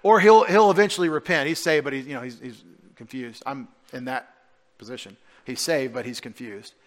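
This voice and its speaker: A male pastor preaches a conversational sermon in church at a medium pitch and brisk pace. He restarts often, asks rhetorical questions, and alternates emphatic points with quiet asides.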